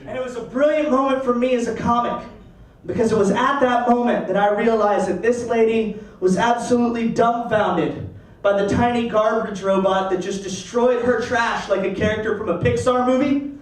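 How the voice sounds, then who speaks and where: A man doing a stand-up comedy set, telling stories in an animated way and slipping into put-on voices. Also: very high-pitched, normal speed. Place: comedy stage before a live audience. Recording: roomy, distant mic with audience laughter.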